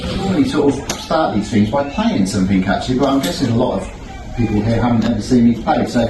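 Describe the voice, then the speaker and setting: A musician talking casually to an audience, self-mocking and laughing. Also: male voice, mid-range voice, lively intonation, fast. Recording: echoey room from far off with loud music.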